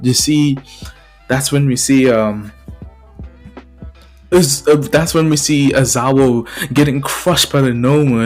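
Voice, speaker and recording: A man excitedly rambles through a fan story, often restarting his sentences. His voice sits at an ordinary middle pitch. Faint music plays beneath him. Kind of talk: casual storytelling of a fan scenario.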